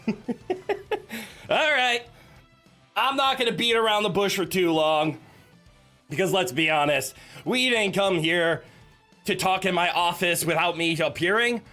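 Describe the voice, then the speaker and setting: Man, live streamer, casual chat with viewers, nervous and joking, giggly, bright tense voice, faint music behind. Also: sits high, measured pace, long pauses. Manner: chatty, joking, talks to chat.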